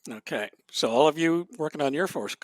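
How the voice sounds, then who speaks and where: A man's voice: a little high, expressive, a little fast, no echo. A man hosting an instructional talk show, upbeat and walking viewers through a list of topics. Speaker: host.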